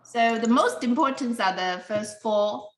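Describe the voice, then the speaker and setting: Woman, English teacher, slow pace, patient, calls on students, echoey room. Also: a little high, very noisy. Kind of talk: teaching a pronunciation class.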